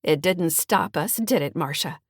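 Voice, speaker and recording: A woman's voice: low voice, measured pace, slightly rough, dry recording, studio quality. A woman reading a chatty, earnest friend. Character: friendly small-town woman, escrow officer. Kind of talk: audiobook character reading.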